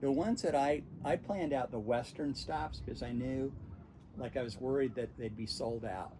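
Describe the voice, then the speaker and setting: A man in his sixties, hosting and telling rambling, animated stories in casual conversation. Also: mid-range voice, moderate pace, background noise. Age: 60s. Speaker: host. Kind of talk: casual storytelling interview.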